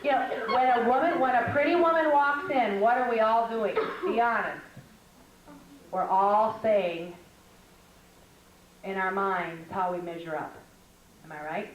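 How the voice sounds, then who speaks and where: A middle-aged woman speaks to a women's conference with animated storytelling, slipping into other people's voices as she goes. She is heard from a distance in a roomy, echoing hall with clear background noise. Her voice sits at an ordinary middle pitch. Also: unhurried, long pauses, muffled recording. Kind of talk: lively spoken lecture.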